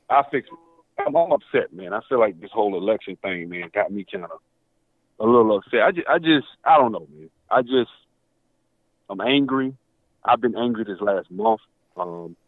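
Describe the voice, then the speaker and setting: A man's voice: on the low side, no room sound. A man calling in to a talk show, agitated and stammering, repeating himself as he talks. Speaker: caller. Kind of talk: call-in show conversation. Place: Atlanta area. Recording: tinny phone line.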